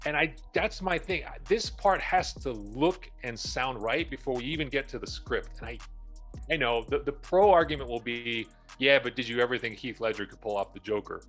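A man's voice: mid-range voice, moderate pace, a bit bright, soft background music. A man co-hosting a podcast, giving detailed and opinionated casual commentary on movie casting. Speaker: podcast co-host. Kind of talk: casual pop-culture commentary.

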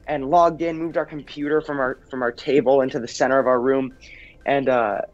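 A man's voice: medium pitch, steady tone, brisk. A teenage boy actor chatting earnestly in an interview, with many ums and restarts. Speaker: actor guest. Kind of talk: casual interview chat. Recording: dull lo-fi sound with faint music.

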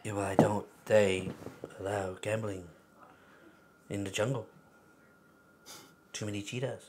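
A man co-hosting a joke-reading game, talking casually and hesitantly and trailing off into quick remarks. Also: on the low side, fairly even intonation, a little mellow, slight background noise. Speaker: co-host.

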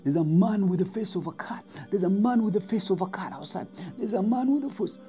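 A man's voice: sits high, animated, fairly quick, mellow, pitched above the performer's own voice. A man voicing a terrified teenage boy who keeps repeating what he saw in a storytelling piece. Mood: frightened. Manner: panicked, repeating himself.

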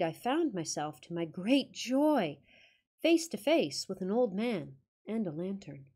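A woman reads a classic ghost story in a dramatic storytelling voice of middle pitch. Now and then she breaks off for wry, joking asides before going back to the tale. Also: very animated, a little slow, a little mellow, breathy edge. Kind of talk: storybook reading with casual asides.

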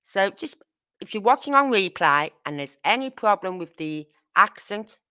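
Her voice sits at medium pitch with big swings, bright and forceful, clear and resonant, at a moderate pace. She's a true crime channel host from Birmingham with a Brummie accent, bluntly and indignantly addressing viewers in casual livestream chat.

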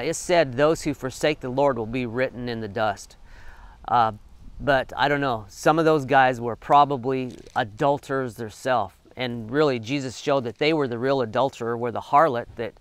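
Smooth-voiced man preaching from scripture. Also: medium pitch, dry recording. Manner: reads scripture aloud then explains it conversationally; folksy and informal, with fillers. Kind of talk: Bible reading and sermon commentary.

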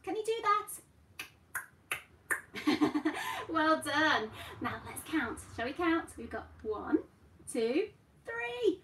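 A woman's voice: sits high, sing-song, extremely slow, long pauses. A woman teaching a class for toddlers, coaxing and playful in a sing-song way. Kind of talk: children's class. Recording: roomy sound, mic at a distance, faint noise.

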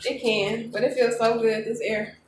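A woman's voice: on the high side, little pitch movement, normal speed, reverberant, a little hiss or hum. A woman, chatting casually to viewers while making something at home, laughing often. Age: 30s. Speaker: vlogger. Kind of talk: casual vlog chat. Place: home kitchen at night.

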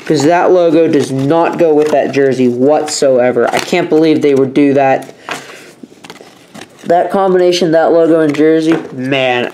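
A man's voice: fairly high pitch, unhurried, dark tone, a little hiss or hum. A young man chatting casually in his own vlog, rambling and emphatic in his opinions. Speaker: vlogger.

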